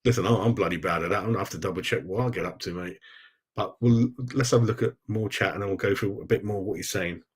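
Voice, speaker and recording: A man's voice: low voice, fast, husky. A middle-aged man hosting a casual live fan stream, chatty and blokey, calling his viewers mate. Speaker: fan channel host. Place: home room.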